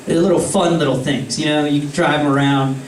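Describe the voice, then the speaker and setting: A man's voice: on the high side, fairly even intonation, brisk, a little hiss or hum. A young man swearing freely as he tells friends a rambling anecdote in a casual chat. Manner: profane, rambling storytelling. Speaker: storyteller among friends. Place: indoor room with friends. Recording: roomy, distant mic, faint ambience.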